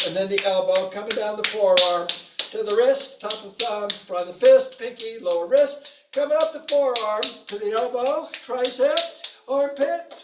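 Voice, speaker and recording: A man's voice: sits high, recorded from a distance, background noise. A male fitness instructor guiding a class through tapping, stretching and laughter exercises, with upbeat, coaxing cues and chanted laughs. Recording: echoey room, voice off-mic, faint music.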